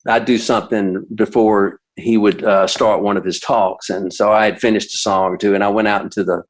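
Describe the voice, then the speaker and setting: Older male guest, low voice, loose rambling anecdote with restarts. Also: fairly even intonation, fairly quick, low-quality recording. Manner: rambling, with many restarts and asides. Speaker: musician and storyteller guest. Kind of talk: casual anecdote telling.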